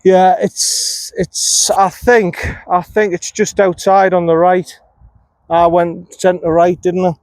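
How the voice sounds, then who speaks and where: Outdoors on a golf course, a male golf vlogger talks while he plays, recorded on a phone camera with no room sound. His voice is high-pitched, a little mellow, slow and fairly flat in pitch. He's chatty, talks to himself and swears mildly quite often.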